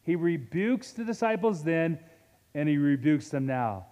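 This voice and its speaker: A man's voice: on the high side, animated, measured pace. Man preaching in a reverberant hall. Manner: dynamic preaching, swings from loud to hushed. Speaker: pastor. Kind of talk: sermon.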